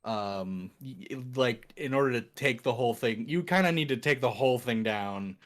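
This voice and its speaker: A man as game master, describing a scene in a tabletop game with many pauses, fillers and restarts. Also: medium pitch, a bit bright.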